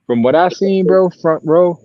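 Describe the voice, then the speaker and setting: His voice is high-pitched and a little slow, captured on a dry, lo-fi recording. The podcast co-host and sideline broadcaster tells a long, profane story in casual chat, animated and acting out quotes.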